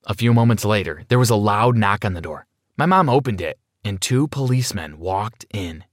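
A man narrating a dramatic first-person story in an expressive reading style. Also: lowish voice, normal speed, no room sound, studio quality.

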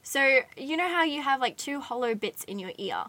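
A woman's voice: sits high, expressive, normal speed, bright, forceful tone, no room sound. A young woman, casually telling a true-crime story on a podcast, chatty with lots of "like"s and giggly asides. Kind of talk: casual chat.

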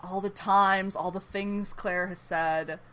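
A woman giving a casual, animated episode recap, chatty and full of "like" and "you know.". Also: mid-range voice, slow pace. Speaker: podcast host recapping a TV episode. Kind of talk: casual chat.

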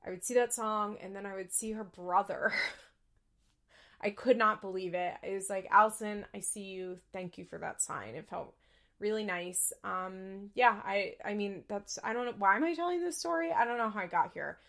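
A woman's voice: medium pitch, moderate pace, gravelly, a bit bright. A young woman hosting a podcast, chatting candidly about a reality show and swearing freely. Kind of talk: casual chat recapping a reality show.

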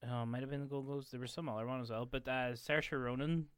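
A man's voice: medium pitch, steady tone, fast, clear, resonant tone, dry recording. A man from Ireland co-hosting a casual film chat, telling stories in a sweary rant. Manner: sweary, ranting storyteller. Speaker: podcast co-host.

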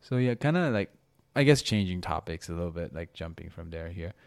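A man's voice: deep voice, lively intonation, fairly quick, vocal fry, no echo, studio quality. A man chatting casually as a podcast co-host, rambling with lots of fillers and restarts. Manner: rambling with many fillers and restarts, laughs easily. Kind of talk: casual chat.

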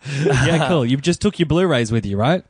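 A man's voice: mid-range voice, lively intonation, moderate pace, husky, no echo. A young man hosting a casual podcast, joking and self-deprecating. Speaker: podcast host.

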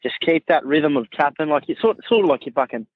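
A man's voice: fairly high pitch, expressive, a little fast, dry recording. A man with an Australian accent leaving a rowdy, swearing voice message for a podcast. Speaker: listener voice message. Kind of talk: casual voice message. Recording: dry tinny phone recording.

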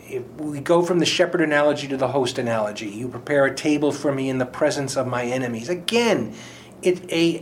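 A man's voice: a little high, a little hiss or hum. A man on a Bible study panel, speaking earnestly and emphatically as he quotes scripture. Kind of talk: casual Bible discussion.

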